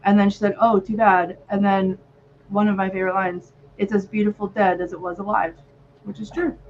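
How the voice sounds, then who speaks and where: A woman co-host talks in an easy, rambling way, full of "um"s and excited tangents. The recording sounds a little dull, with faint noise underneath. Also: medium pitch, brisk. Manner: gushing, rambling with many "um"s. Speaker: podcast co-host. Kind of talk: casual chat. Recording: slightly muffled with faint noise.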